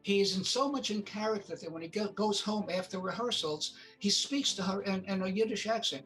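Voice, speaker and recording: A man's voice: sits high, fairly bright tone, faint music behind, low-quality recording. A man being interviewed as a film producer, telling stories with many fillers and restarts, acting out what others said. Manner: halting, many fillers, acts out quotes. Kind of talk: interview guest, casual storytelling.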